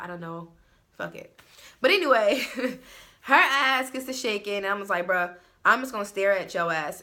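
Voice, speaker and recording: Woman vlogger, bright voice, loose and profane storytime, lots of fillers. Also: mid-range voice. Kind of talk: casual storytime monologue. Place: her own room at home.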